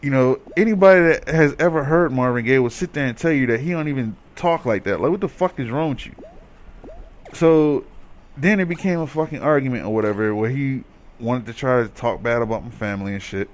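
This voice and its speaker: A man's voice: mid-range voice, brisk. Profane man ranting over gameplay. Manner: profane, rambling, gets heated while ranting. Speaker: gaming commentator. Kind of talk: casual storytelling over gameplay.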